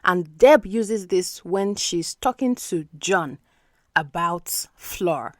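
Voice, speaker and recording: A woman with a fairly low, expressive voice speaks slowly, recorded dry and at studio quality. She teaches English and hosts a podcast, explaining words patiently and checking in with the listener often.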